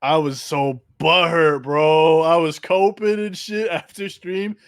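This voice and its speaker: A young man with a slightly high voice tells stories as a podcast guest. He is animated, laughs often and swears freely, and his voice sounds dry and close. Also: slow, clean tone, no echo. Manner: profane, laughing, animated storyteller. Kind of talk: casual chat, storytelling.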